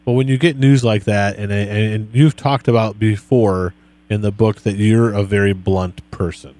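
A man hosting a podcast interview, talking in a relaxed, friendly way as he asks his guest questions. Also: fairly low pitch, normal speed, dry recording. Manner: relaxed, friendly, reads quotes back to the guest. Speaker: podcast host. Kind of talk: conversational interview.

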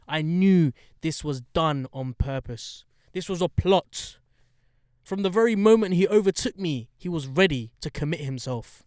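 A young man telling a story in casual chat, animated, swearing and getting heated as he talks. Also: clean tone, no echo, studio quality. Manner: animated storyteller, swears, gets heated and high when indignant.

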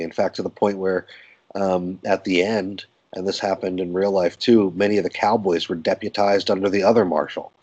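A man's voice: low voice, a little mellow, slightly rough. A man talking in a blunt, profane way on a casual movie review podcast. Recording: dull lo-fi podcast audio.

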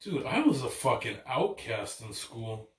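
A young man co-hosting a rowdy casual chat, loud and swearing a lot. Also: medium pitch, big pitch swings, measured pace, roomy sound. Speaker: podcast co-host.

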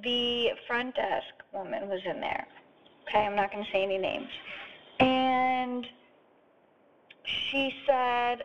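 A woman who hosts a podcast and works as a coach tells an earnest, heartfelt story in a voice on the high side, speaking steadily and slowly with long pauses. She recorded it as a phone voice note while driving, so the lo-fi memo sounds dull, with faint road and driving noise behind her.

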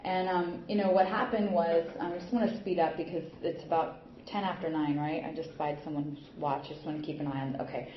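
A woman's voice: low voice, steady tone, fairly quick, few pauses, a little hiss or hum. A young adult woman giving a personal recovery talk at a meeting, rambling with many fillers and restarts. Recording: muffled echoey room recording.

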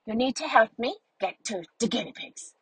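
Brief: a sulky, grumpy lady dog complaining over the fence, pitched a bit higher, voiced by a woman. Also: lively intonation, normal speed, a bit bright, a little hiss or hum, low-quality recording.

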